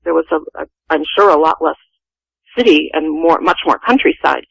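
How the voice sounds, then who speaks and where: A woman in her sixties with a gravelly voice recounts a family memory as a guest, earnest and vivid. The sound is dry and close, with no room around her. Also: low-pitched, lively intonation, moderate pace, no room sound, lo-fi sound. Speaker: guest telling a personal story. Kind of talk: first-person storytelling.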